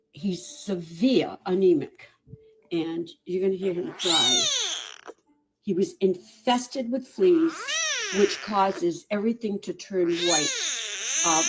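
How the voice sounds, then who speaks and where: A woman animal rescuer giving video updates on a sick kitten, animated and cooing at it in baby talk, recorded indoors on a phone. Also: medium pitch, noisy background.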